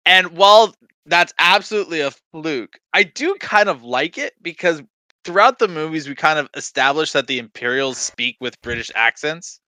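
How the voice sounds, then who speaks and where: Male co-host, casual film chat, higher-pitched, bone-dry close mic, lots of hedging and restarts. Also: moderate pace, no echo. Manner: animated, laughing, full of hedges and restarts. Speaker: podcast co-host.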